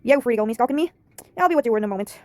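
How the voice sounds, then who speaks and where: A woman's voice: on the high side, expressive, very fast, no room sound, natural voice. A woman voicing an earnest, charming young male deputy in a story game.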